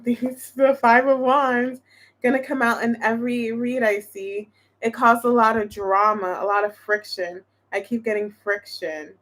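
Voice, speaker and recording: Chatty woman tarot reader, higher-pitched, rambling casual delivery. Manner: chatty, thinks aloud, many restarts and fillers. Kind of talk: casual tarot reading to viewers.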